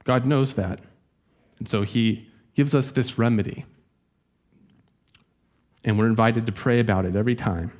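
Speaking in a medium pitch, a male pastor delivers a sermon gently and earnestly, slowly reading passages of scripture to the congregation.

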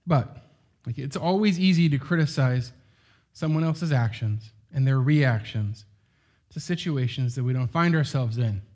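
A man's voice: fairly high pitch, a little mellow. Chatty man preaching a sermon. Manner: conversational, heavy use of "like" and rhetorical questions.

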